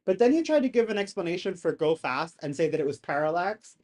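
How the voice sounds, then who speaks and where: A live streamer in casual commentary, animated and exasperated, rambling with slang and frequent swearing. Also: medium pitch, fast. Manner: rambling, restarts sentences. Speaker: streamer reacting to a hearing.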